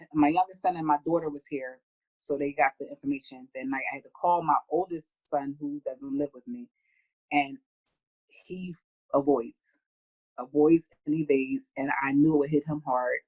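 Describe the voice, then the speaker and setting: Low-voiced woman sharing heartfelt stories. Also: steady tone, a little slow, a little mellow, rough recording. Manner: heartfelt, acts out her own conversations in a higher voice. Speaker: guest. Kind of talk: casual interview talk.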